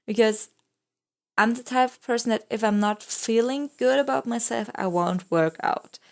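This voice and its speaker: Gravelly-voiced young woman chatting excitably. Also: mid-range voice. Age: young adult. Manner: rambling, full of "like" and "I don't know"; giggly, excitable. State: throat a bit rough. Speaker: YouTuber. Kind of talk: casual chatty voice-over.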